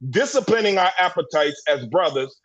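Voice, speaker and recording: At a moderate pace, an expressive man with a high, slightly bright voice joins an impassioned men's discussion group on a livestream video call, and the recording is muffled. He sounds preachy and emphatic, circling back to repeat words and restart his sentences.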